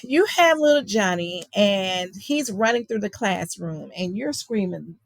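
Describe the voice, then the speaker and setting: A woman's voice: mid-range voice, expressive, a little slow, gravelly, no room sound, rough recording. A woman teaching a virtual class on guiding young children, talking in a conversational way with many fillers and frequent "okay?" checks. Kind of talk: virtual lecture on child guidance.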